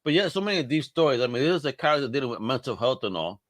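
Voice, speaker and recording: A relaxed man co-hosts a casual chat show. He talks in slang and swears without thinking about it. His voice is mid-pitched, and it is recorded dry and close to the mic. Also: racing, dry recording. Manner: laid-back, slangy, swears freely. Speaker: co-host. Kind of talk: casual pop-culture chat.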